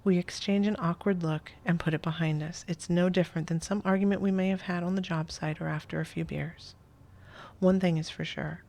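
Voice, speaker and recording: A woman hosting a playthrough, reading a first-person interactive story aloud in a soft, often half-whispered voice and adding casual asides. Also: on the low side, fairly even intonation, a little fast, gravelly.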